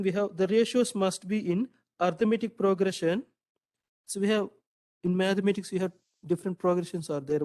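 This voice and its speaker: With a darkish tone to his fairly high voice, a man lectures students, quizzing them frequently and echoing their answers. He often tags "right?" onto his points and speaks loosely, leaning heavily on "so."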